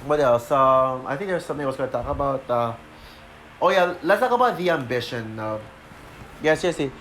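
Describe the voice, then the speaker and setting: A man talking through a show review off the cuff, halting with many fillers and restarts, short of breath. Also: medium pitch, animated, fairly bright tone, a little hiss or hum. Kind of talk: unscripted review talk.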